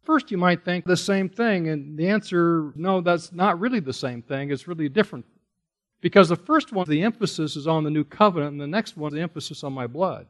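Male preacher with a somewhat high voice, leading an expository sermon, pointed and emphatic. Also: expressive. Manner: emphatic, slows down and stresses key words; asks rhetorical questions of listeners. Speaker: pastor. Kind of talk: expository Bible teaching sermon.

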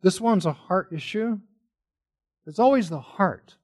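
High-voiced male preacher. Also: animated, measured pace, darkish tone. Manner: explanatory preaching with rhetorical questions. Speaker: pastor. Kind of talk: sermon.

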